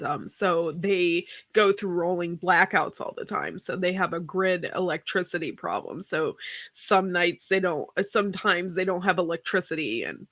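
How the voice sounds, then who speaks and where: A woman's voice: on the low side, bright, forceful tone, no echo, studio quality. A woman hosting a casual live stream, tearful after crying, talking in a rambling way with sighs and many restarts. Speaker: host of a farm channel live stream.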